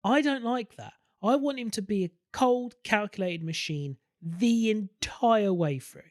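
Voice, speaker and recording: A man talking films on a podcast, blunt and animated, cursing as he makes his point. His voice sits a little high, and it is recorded close and dry. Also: a little slow, no echo. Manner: opinionated, animated, swears freely. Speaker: podcast co-host. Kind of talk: casual film discussion.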